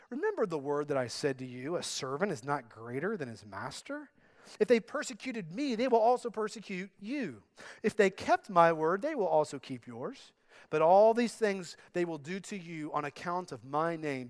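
A man pastor preaching a sermon, emphatic and slowing down to stress quoted verses. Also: sits high.

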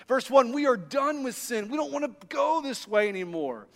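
A male senior pastor preaching a sermon, telling stories and swinging between hushed and emphatic delivery. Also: very high-pitched, lively intonation, normal speed, vocal fry, hardly any pauses, big-room sound.

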